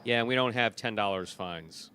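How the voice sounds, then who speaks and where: A man's voice: lowish voice, moderate pace, sharp tone, slight background noise. A middle-aged man announcing jai alai, chatty and explanatory, often correcting himself mid-sentence. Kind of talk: broadcast commentary and chat.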